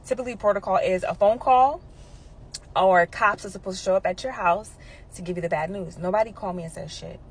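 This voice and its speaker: A woman's voice: mid-range voice, brisk, slight background noise. A woman in her thirties, a nurse, telling a personal story casually to camera with frequent asides and check-ins with her audience.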